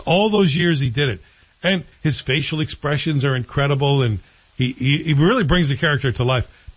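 With a slightly rough, mid-range voice and audio whose highs are cut off, a man hosts a show. He gives casual, strongly opinionated review chat on a TV series he's watching.

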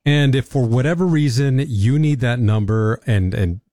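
Excited man hosting a radio interview. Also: mid-range voice, moderate pace, no echo, clean studio sound. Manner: enthusiastic, excited. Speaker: radio host.

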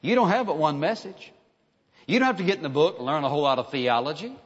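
A man's voice: on the high side, lively intonation, fast talker, husky, big-room sound, highs cut off. A man preaching a sermon in an earnest, emphatic way, driving points home with repeated phrases.

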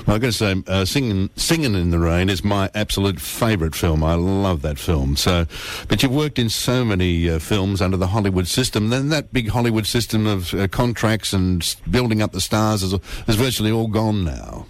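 A man's voice: fairly low pitch, moderate pace, dry recording. A man interviewing a guest on radio, enthusiastic and full of fillers.

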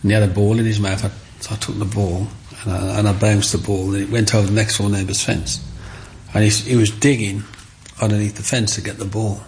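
An older man, telling stories from his childhood in an interview with animated, storytelling energy. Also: on the low side, fairly quick, a little hiss or hum. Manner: animated storyteller, acts out the voices of others.

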